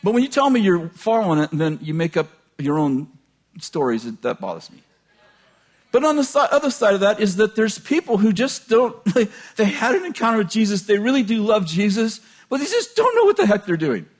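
A man preaching an informal sermon in a conversational way, joking and chuckling often, swinging between loud bursts and low asides. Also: sing-song, brisk.

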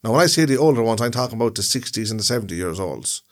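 A man's voice: medium pitch, lively intonation, racing. An Irish man co-hosting a podcast, explaining things in a rambling way and repeating himself. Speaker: podcast co-host. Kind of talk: casual chat.

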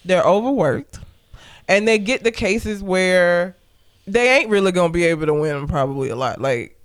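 A woman's voice: lowish voice, lively intonation, normal speed. A woman co-hosting a casual podcast, recapping a movie plot in a blunt, profane, joking way. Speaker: podcast co-host.

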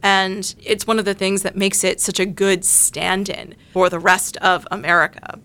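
A woman speaks on a podcast panel with a bright, clear-edged voice. She explains her points in a measured, analytical way, building each idea step by step. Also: mid-range voice, level tone.

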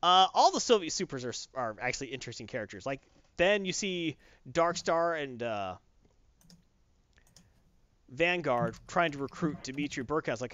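A man casually recapping a comic book story on a podcast, acting out the characters' lines in quick voices. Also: fairly high pitch, lively intonation, fairly bright tone, no echo. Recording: dull lo-fi dry recording.

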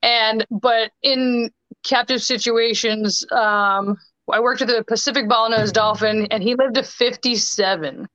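Young woman podcast guest, bright and crisp, chatty with many restarts; dry, dull lo-fi call audio. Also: fairly high pitch, steady tone, no room sound. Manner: chatty, quick bursts with many restarts and fillers. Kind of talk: casual storytelling chat.

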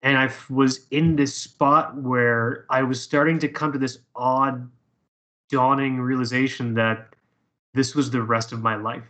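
A man's voice: mid-range voice, fairly even intonation, unhurried, fairly bright tone. A man telling a personal story in casual conversation, profane and rambling with many restarts.

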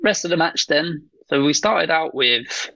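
Gravelly, bright-voiced male podcast co-host. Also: fairly high pitch, animated, unhurried, dry recording, poor audio. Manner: rambling, swears casually, frequent ums and laughs. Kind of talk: casual chat.

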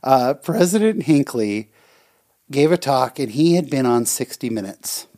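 Speaking a little slowly, this male podcast co-host has a mid-range voice and lively intonation. He chats casually and reads out listener comments, answering them with warm, effusive, heartfelt reactions.

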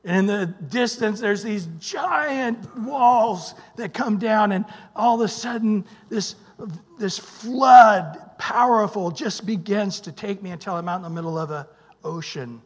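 A male pastor preaching a sermon, emphatic, swinging from loud bursts to hushed near-whispers and prompting the congregation with "what?". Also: high voice, measured pace, long reverb tail. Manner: emphatic, calls out "what?" for the congregation to fill in verses. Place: church sanctuary.

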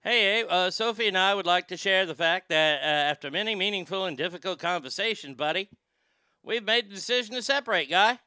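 A man's voice: sits high, brisk, pushed and bright, clean tone, no echo. A man doing an impression of a Canadian prime minister, chummy and full of "buddy" and "guy". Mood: mock-earnest.

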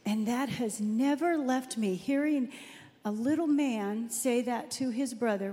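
A woman's voice: high-pitched, mellow, in a large hall. A woman in her fifties co-hosting a faith-based talk, chatty and storytelling. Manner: chatty, storytelling, quick to laugh. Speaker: co-host.

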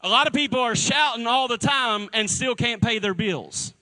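A male pastor preaching a sermon to a congregation in a church, energetic and calling for responses from the crowd. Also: very high-pitched, normal speed, rough recording.

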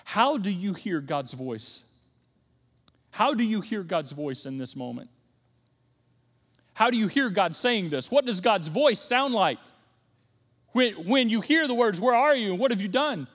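Man, pastor, sermon, high voice, emphatic, stumbling restarts, long hall reverb. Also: big pitch swings, measured pace, long pauses. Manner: emphatic, with repeated restarts and sudden loud bursts.

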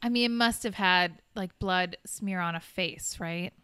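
A woman's voice: lowish voice, pushed and bright, clear, resonant tone, no echo, clean studio sound. A woman co-hosting a casual podcast, reacting playfully with short remarks. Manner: playful, quick reactions and laughter. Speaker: podcast co-host.

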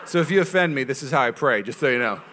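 A man in his thirties, a pastor preaching a sermon in a conversational, joking way that swings from quiet to loud. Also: medium pitch, lively intonation, fast talker, background noise.

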